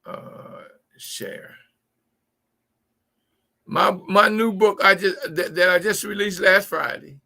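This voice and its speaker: A man's voice: sits high, steady tone, slow, vocal fry, long pauses, bright, forceful tone. A man hosting a live-streamed political talk, speaking emphatically to his viewers, often repeating words as he builds his point. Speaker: livestream show host.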